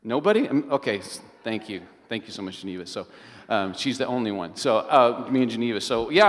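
A middle-aged man, a pastor, preaching a sermon as an animated storyteller who keeps asking the congregation questions. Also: fairly high pitch, moderate pace. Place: large church hall. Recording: long reverb of a large hall.

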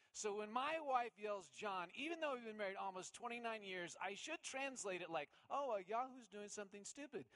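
Bright-voiced storytelling pastor. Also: male voice, a little high. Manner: storytelling, animated, acts out voices with sudden loud bursts. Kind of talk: sermon.

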